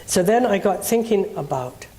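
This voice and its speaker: A woman's voice: medium pitch, animated, moderate pace, mellow, slight background noise. A woman minister preaching in a conversational way, telling a personal story and acting out the people in it.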